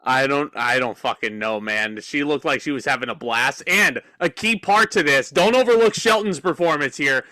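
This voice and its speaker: A man co-hosting a wrestling review show with playful, swearing banter. His voice is high and swings widely. It is recorded dry and close. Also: sharp tone, no room sound. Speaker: podcast co-host. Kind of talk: casual wrestling review chat.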